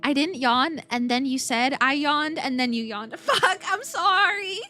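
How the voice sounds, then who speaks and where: High-voiced woman streamer reading a game. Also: expressive, unhurried, pushed and bright, faint music behind. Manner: playful, giggly, swears when startled. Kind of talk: reading a game's text aloud.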